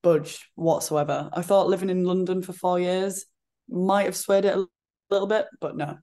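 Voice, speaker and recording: A woman with a regional accent, a fitness coach chatting as a podcast guest, talking in an animated way with lots of "like". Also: fairly low pitch, normal speed. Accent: regional accent she calls her own. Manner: chatty, frequent "like" fillers, animated retelling. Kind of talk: casual interview chat.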